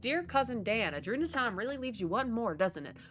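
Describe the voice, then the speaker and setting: A woman's voice: on the high side, sing-song, fairly quick, fairly bright tone, pitched above the performer's own voice. A woman reading aloud as a chatty man writing letters to his cousin, getting more desperate. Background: game music.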